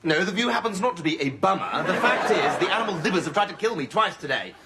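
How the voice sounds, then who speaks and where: An actor playing a scheming, arrogant male politician who talks sarcastically and flares into shouting. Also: high-pitched, lively intonation, fast. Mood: smug. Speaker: member of parliament. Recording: noisy TV sitcom soundtrack.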